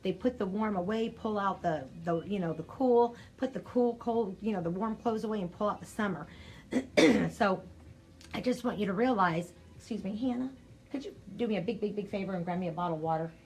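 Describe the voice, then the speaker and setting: An older woman giving a chatty, energetic live coaching talk straight to her viewers, her throat scratchy and needing clearing. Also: mid-range voice, brisk. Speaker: sales coach.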